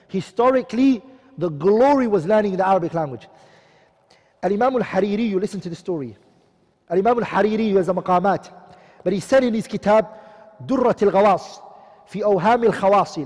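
A man teaching an Islamic lecture, earnest and exhorting. He recites Arabic quotations quickly and then translates them slowly, and he often asks questions and answers them himself. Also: high voice, animated, a little mellow, in a large hall. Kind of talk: religious lecture.

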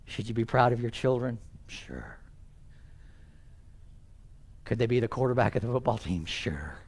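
A man preaching a sermon as pastor in a church, swinging from loud emphasis down to hushed near-whispers. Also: medium pitch, steady tone, fast talker.

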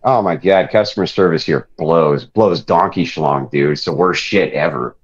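A man's voice: low voice, normal speed, few pauses, dull audio. Profane, exasperated man ranting. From Ireland. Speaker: show host. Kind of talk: ranting podcast banter.

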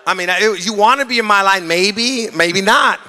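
A man's voice: sits high, normal speed, a faint crowd. A middle-aged male pastor preaching a sermon, telling stories with humor and calling on the congregation to respond. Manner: storytelling, animated, jokes with the congregation. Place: church sanctuary. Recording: long reverb of a hall.

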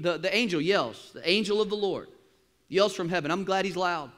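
A man preaching a sermon in a church, animated, with sudden loud bursts and quieter asides. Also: high-pitched, fairly quick. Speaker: pastor. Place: church auditorium.

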